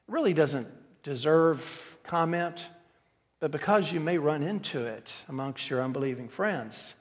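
A man preaching a sermon, teaching emphatically and asking many rhetorical questions. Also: medium pitch. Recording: long hall reverb.

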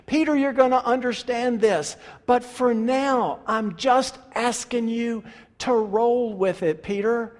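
A preacher acting out Jesus in a raised, pleading voice, slow and earnest, coaxing a friend to trust him. The words are drawn out with gentle insistence, and a long hall reverb trails behind every line. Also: male voice, extremely high pitch, pitched above the performer's own voice. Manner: pleading, conversational, stretching words slowly.

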